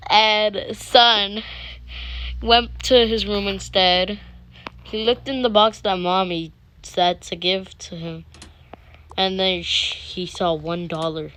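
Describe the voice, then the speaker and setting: A woman's voice: medium pitch, fairly even intonation, measured pace, a bit bright, slight background noise. A woman hosting her own channel, narrating a toy doll-play story in a chatty, rambling way with frequent restarts.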